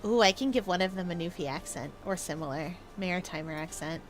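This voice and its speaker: A woman's voice: fairly low pitch, fairly quick, soft background music. A woman streamer chatting playfully and bubbly on a casual live stream.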